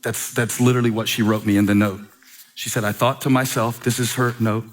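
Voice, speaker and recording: A man preaching a sermon in a church, reading a letter aloud with dramatic pauses and repetition. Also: medium pitch, level tone. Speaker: pastor. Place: church sanctuary.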